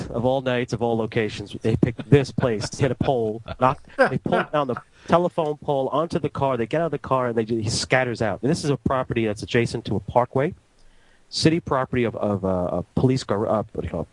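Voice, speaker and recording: A man working as a radio transmitter engineer, telling anecdotes in a casual, animated way and acting out the dialogue. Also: mid-range voice, quick pace, no echo, poor audio. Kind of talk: casual storytelling.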